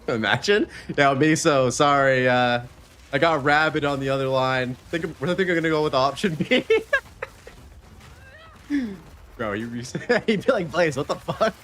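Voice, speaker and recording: A man's voice: mid-range voice, expressive, normal speed, a bit bright, slight background noise. A man hosting a live stream, chatting loosely and swearing freely while he plays a game and talks about his podcast. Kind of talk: casual live-stream chat while gaming.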